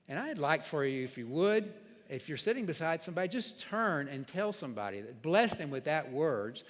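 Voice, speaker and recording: A man's voice: fairly high pitch, very animated, a little fast, a bit bright, long reverb tail. A man preaching a sermon as pastor, in a plain, conversational way with frequent restarts. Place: church sanctuary.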